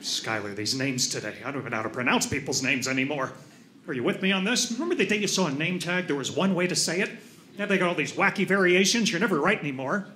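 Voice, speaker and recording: A man doing stand-up comedy on a club stage, animated and slipping into mimicked voices for quotes. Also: fairly high pitch, fast talker, a little hiss or hum.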